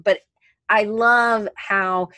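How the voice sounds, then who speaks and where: A podcast co-host chats casually in a medium-pitched, steady voice that's extremely slow and sharp in tone, with no room sound. She rambles and keeps correcting herself as she talks.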